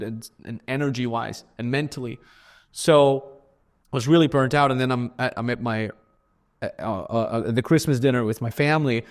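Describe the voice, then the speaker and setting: A man speaking as a guest on a podcast. He tells stories candidly in a blunt, profane way and often repeats words as he goes. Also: mid-range voice. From Austria. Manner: blunt and profane, with frequent repetitions. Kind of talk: candid storytelling in podcast conversation.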